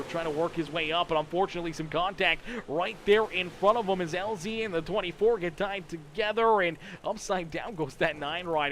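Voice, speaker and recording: An excitable male race commentator calling play-by-play with a slightly raised voice. He gets louder on passes and flags. A faint hiss of noise sits under the recording. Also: a little high. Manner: excitable lead calls, rising loud on passes and flags; chatty aside reading viewer comments. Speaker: race commentator for a sim racing league stream.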